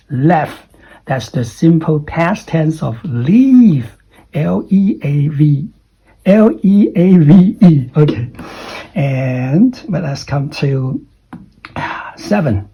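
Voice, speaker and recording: A man's voice: on the high side, dark tone, slightly rough, dull audio. A man teaching an online English lesson who corrects common errors, spells words out letter by letter and keeps checking in with "okay?".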